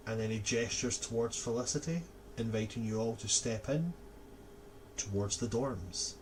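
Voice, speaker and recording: A man running a tabletop game as game master, slowly describing scenes with fillers like "uh" and "like". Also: medium pitch, darkish tone, a little hiss or hum.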